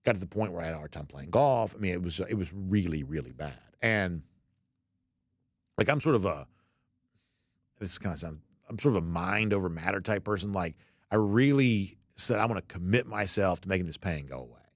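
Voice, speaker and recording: A man's voice: deep voice, expressive, fairly quick, dry recording, clean studio sound. A man hosting a sports talk show, chatting loosely with many fillers and restarts as he reads out listener comments. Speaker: podcast host.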